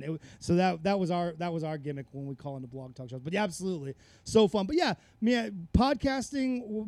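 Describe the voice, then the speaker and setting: A man appears as a podcast guest, telling rambling, profane stories in casual conversation. His voice sits high with a warm tone, captured on a close mic in a dry recording.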